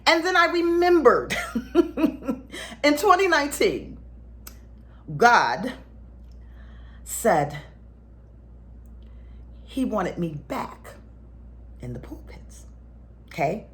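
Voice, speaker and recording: A woman, a spiritual teacher telling a story to her viewers in a casual, animated way, laughing often and acting out the people she meets. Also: mid-range voice, drawn-out words, long pauses.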